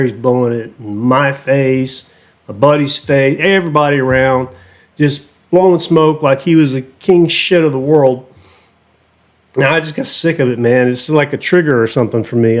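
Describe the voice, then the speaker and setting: Laughing Southern man telling stories. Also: mid-range voice. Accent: Southern American. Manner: laughs often while telling stories, loose and profane. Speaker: reaction channel host. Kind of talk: casual storytelling chat.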